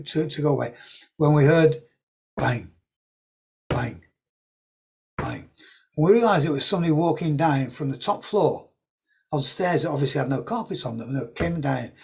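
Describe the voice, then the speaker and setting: Male course presenter, raspy voice, slightly high, rambling storyteller. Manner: rambling, repeats words, animated anecdotes with laughs. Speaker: property investing course presenter. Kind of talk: anecdotal storytelling to an audience.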